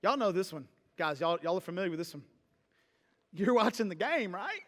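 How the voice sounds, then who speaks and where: A man's voice: high-pitched, expressive, fairly quick, long reverb tail. A man preaching a sermon as pastor, talking casually and joking with the congregation. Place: church hall.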